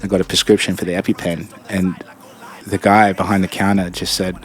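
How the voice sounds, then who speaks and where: Blunt, low-voiced guy telling a story. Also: flat delivery, a little fast. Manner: blunt and profane, acts out other people's lines. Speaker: storyteller vlogger. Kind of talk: casual storytelling.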